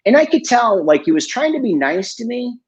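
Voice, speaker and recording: Man, husky voice, candid and profane, dull lo-fi stream audio. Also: very high-pitched, very animated, a little fast. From Michigan, USA. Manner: candid and profane, with many fillers. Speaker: guest coach. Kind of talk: casual storytelling in a live interview.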